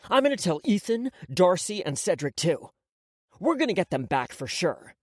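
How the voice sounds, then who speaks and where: Woman doing a cheeky little boy, blunt and teasing, lively ups and downs. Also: lowish voice, moderate pace, dry recording, studio quality. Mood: protective. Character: teasing, protective eleven-year-old boy.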